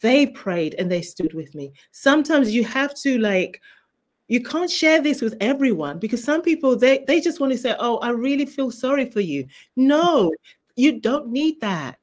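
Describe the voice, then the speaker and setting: A woman's voice: high-pitched, big pitch swings, normal speed. A woman who is a guest author, sharing a fervent faith testimony in an interview. She speaks like a preacher and repeats key phrases for emphasis.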